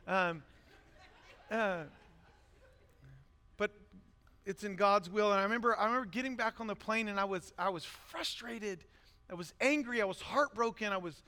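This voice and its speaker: A man preaching a sermon as a pastor, blunt and intense, building to shouts. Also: sits high. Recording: long hall reverb.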